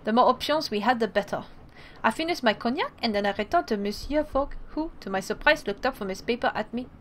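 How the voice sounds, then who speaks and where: A let's play streamer with a fairly high voice reads a game's story text aloud quickly, breaking off into excited, chatty asides. There's slight background noise.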